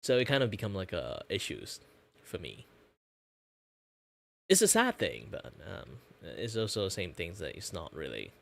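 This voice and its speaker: A man streaming as a VTuber artist, chatting casually in his relaxed natural low voice and rambling with lots of "like" fillers. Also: normal speed, gravelly, long pauses. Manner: rambling, heavy use of "like" fillers.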